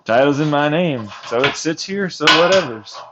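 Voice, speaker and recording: Brief: young man, vlogger, heated rambling rant, slightly high voice, dull lo-fi recording with steady noise behind. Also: moderate pace. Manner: agitated, swearing, mimics others in heated back-and-forth. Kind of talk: rambling personal vlog rant. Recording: dull lo-fi audio with clear background noise.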